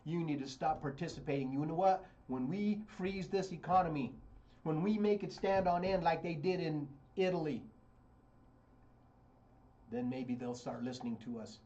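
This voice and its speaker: A man's voice: a little high, normal speed, mellow, highs cut off. A man talking politics on a radio show, blunt, heated and mocking.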